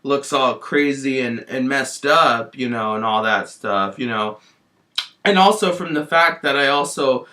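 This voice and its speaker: A man's voice: medium pitch, unhurried, pushed and bright. A man rambling through an in-character story with a lot of "you know" and restarts. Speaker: vlogger.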